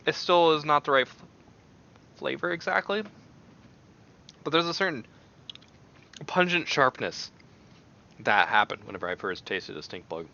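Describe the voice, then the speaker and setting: A man rambling and exclaiming in a casual, animated way as he chats on camera. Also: fairly high pitch, normal speed, creaky, pauses often, highs cut off, a little hiss or hum. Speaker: video creator. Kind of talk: casual chat while taste-testing.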